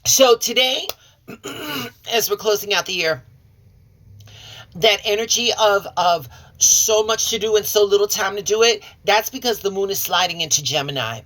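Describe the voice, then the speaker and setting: A woman from Chicago hosting a tarot reading channel, talking casually and warmly to her viewers and calling them y'all and honey. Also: mid-range voice, expressive, normal speed. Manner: folksy and chatty, calls listeners y'all and honey; warm and sincere toward viewers. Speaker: tarot and oracle reader, channel host. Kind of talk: casual direct-to-camera chat.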